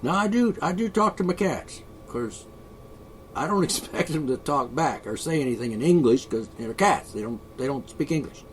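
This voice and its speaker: A man's voice: a little high, lively intonation, normal speed, slight background noise. A man vlogging an opinionated, rambling monologue, sarcastic and sighing often. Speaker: video blogger.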